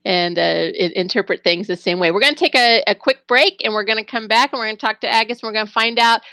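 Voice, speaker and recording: A woman hosting an interview, chatty and halting with many restarts. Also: fairly high pitch, sharp tone, no room sound. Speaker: radio talk show host.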